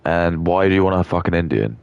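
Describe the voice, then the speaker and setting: Guy streaming a game, super deep gravelly voice, rambly and crude, dry sound. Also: animated, fast talker, darkish tone, no echo, lo-fi sound. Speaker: gaming streamer. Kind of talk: casual live-stream chat while gaming.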